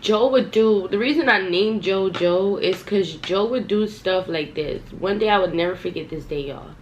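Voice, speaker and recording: A young adult woman telling a storytime vlog, animated and profane, talking straight to her viewers. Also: medium pitch, normal speed, highs cut off, a little hiss or hum. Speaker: vlogger. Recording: echoey room, faint ambience.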